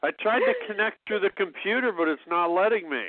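A comedian in a casual chat, playful and jokey, calling in over a landline phone. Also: male voice, high-pitched, lively intonation, a little fast, no room sound. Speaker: guest comedian. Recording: tinny landline phone call.

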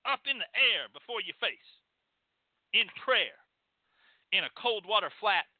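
A man's voice: high voice, animated, unhurried, no echo. A man hosting a show, delivering an emphatic, profane monologue lecture that repeats phrases for stress. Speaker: host. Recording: tinny phone-like dry sound.

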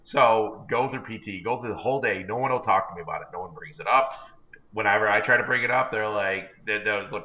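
Man, podcast co-host, casual rambling storyteller, self-deprecating, slightly low voice, dull lo-fi sound. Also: fairly quick. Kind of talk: casual chat. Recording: dull lo-fi recording.

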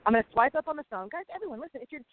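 A woman co-hosting a casual faith podcast, talking excitedly and urging listeners on. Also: high-pitched, rapid-fire, a little hiss or hum. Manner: excitable, emphatic, exhorting listeners. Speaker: co-host. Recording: tinny phone-like sound.

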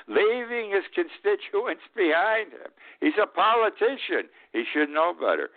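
An older man from upstate New York hosting a radio talk show, giving a blunt, sarcastic commentary monologue and often tagging on "okay?". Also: fairly low pitch. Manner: blunt, sarcastic, drawn-out emphasis with frequent "okay?". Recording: tinny phone-like radio audio.

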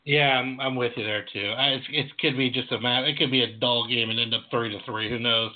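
This sports podcast co-host keeps things relaxed, his speech packed with frequent "uh"s. He has a medium-pitched, steady voice and a fairly quick pace, and the audio sounds tinny, like a phone line.

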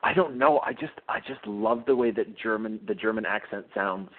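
A man's voice: on the low side, moderate pace. Eager male author on a phone line. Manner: enthusiastic, with frequent fillers and restarts. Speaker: guest author. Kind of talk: casual interview chat. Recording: tinny phone-line sound.

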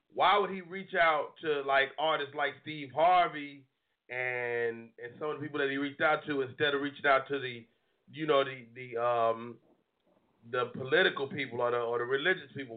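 A man's voice: mid-range voice, steady tone, fairly quick, narrow, tinny audio. A man hosting a live call-in show, chatting loosely with a comedian guest and pushing back on his points. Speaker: radio show host. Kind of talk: call-in radio interview.

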